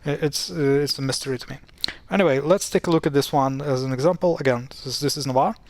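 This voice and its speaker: A fast-talking man with a mid-range voice chats through pronunciation in a casual screen-share explainer. He's exasperated at mispronunciations, and his speech is full of fillers and restarts.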